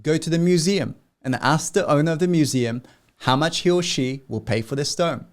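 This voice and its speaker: A man voicing a warm, wise father in a spoken story, talking gently and earnestly. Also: a little high, moderate pace, natural voice. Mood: calm.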